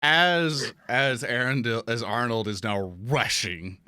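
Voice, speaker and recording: A man's voice: medium pitch, takes it slowly, pushed and bright, smooth, no echo, studio quality. A man playing a tabletop game, talking casually, joking and swearing. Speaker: player.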